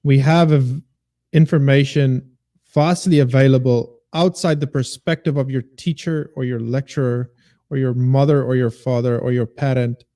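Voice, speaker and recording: A man's voice: mid-range voice, fairly even intonation, normal speed, mellow. A man who teaches, a guest on a casual podcast, making his points with emphatic repetition and a preachy tone.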